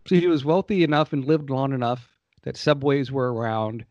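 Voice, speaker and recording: A man's voice: medium pitch, moderate pace, darkish tone, no echo, muffled recording. A man co-hosting a casual podcast chat about old games, rambling and joking with many restarts. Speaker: podcast co-host.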